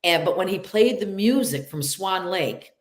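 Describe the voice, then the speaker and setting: Guest actress, middle-aged woman, nasal upstate New York accent, low voice, animated storyteller, roomy sound. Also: a little slow. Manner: chatty, animated storytelling with many fillers. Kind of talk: casual interview chat.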